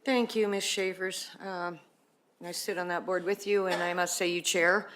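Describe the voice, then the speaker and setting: Slightly low woman chairing a meeting. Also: steady tone, moderate pace, fairly bright tone. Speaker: committee chair.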